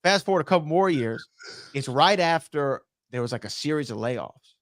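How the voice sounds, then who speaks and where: A man co-hosting a podcast, telling stories in a lively way and reading out viewer comments. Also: on the high side, normal speed, dry recording, clean studio sound. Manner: lively storytelling, acts out phone calls. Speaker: podcast co-host.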